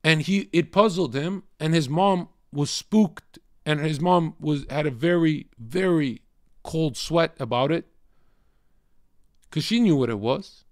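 A man's voice: on the high side, measured pace. Profane ranting male streamer. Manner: profane, combative, swings from shouting to muttering. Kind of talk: casual livestream rant.

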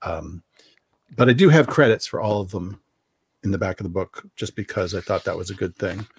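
A man's voice: sits low, moderate pace, creaky, a little hiss or hum. Rambling man on a video call. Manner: rambling, self-correcting storyteller. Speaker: author guest. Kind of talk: casual video call interview.

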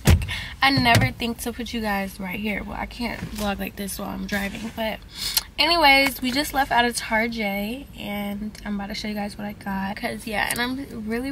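A woman's voice: medium pitch, a bit bright, slight background noise. A young woman, talking in a rambling, slangy, casual vlog style into her phone. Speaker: vlogger.

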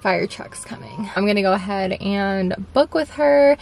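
A young woman chatting casually to her viewers at home as a lifestyle vlogger, relaxed and full of "like" fillers. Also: medium pitch, normal speed, vocal fry. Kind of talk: casual chat. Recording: steady background noise.

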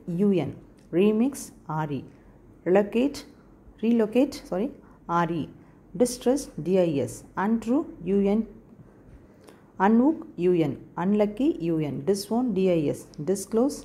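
A woman teaching an English lesson in an Indian English accent. She speaks slowly, repeats words and spells them out letter by letter. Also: on the low side, mellow. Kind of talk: recorded classroom lesson.

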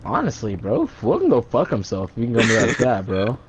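Lively joking young man gamer. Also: medium pitch, brisk, dull audio, slight background noise. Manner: swears often, jokey and teasing. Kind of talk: casual multiplayer game chat.

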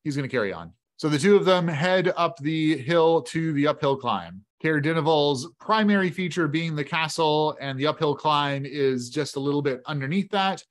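Casual, higher-voiced solo game narrator. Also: male voice, moderate pace, hardly any pauses. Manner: casual, conversational. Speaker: game master playing solo.

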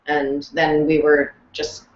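A woman chats through an interview with lively, rambling energy and frequent laughs. Her voice sits a little low for a woman. The sound is roomy and a bit dull and lo-fi. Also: takes it slowly, slight background noise. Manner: chatty, animated, laughs often, many fillers. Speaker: interview guest, audiobook narrator and actress. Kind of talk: casual interview chat.

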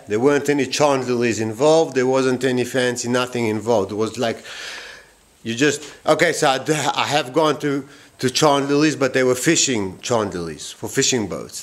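A man who builds boats talks through his boat in a casual vlog from his workshop. He rambles, restarts and repeats phrases, with a voice of ordinary middle pitch. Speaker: boatbuilder.

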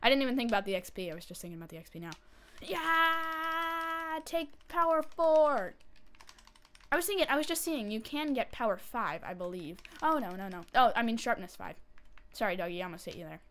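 A woman giving casual commentary while she plays a game, chatty and excitable, breaking into panicky squeals and repeated pleas when things go wrong. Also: mid-range voice, rapid-fire. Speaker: gameplay commentator.

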